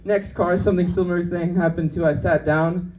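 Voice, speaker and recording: A man's voice: sits high, steady tone, a little fast, a little mellow, distant mic, a little hiss or hum, poor audio. A young man doing a stand-up comedy set in a club. He talks in a brash way and jumps between voices to act out the people in his stories. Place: comedy club with live audience.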